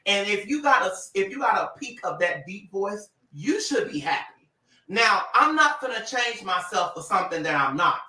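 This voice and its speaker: A man chatting on a livestream in a bright, forceful voice, sassy and animated, breaking into laughs. The room is echoey and he sits a little back from the mic. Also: sits high, moderate pace, far from the mic. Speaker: social media personality on a livestream. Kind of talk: casual livestream talk to followers.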